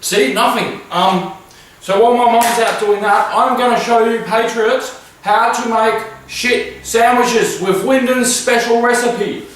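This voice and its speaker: A man doing a slow, earnest man-child cook. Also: very high-pitched, steady tone, a bit bright, a little hiss or hum. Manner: slow, earnest, demonstrative kitchen-show explaining. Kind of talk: parody cooking segment. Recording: very echoey room, far from mic.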